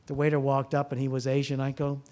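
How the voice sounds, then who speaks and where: A therapist speaks at a public talk before a live audience, telling stories and posing rhetorical questions to his listeners. His medium-pitched voice moves fast, and he acts out dialogue in lively voices.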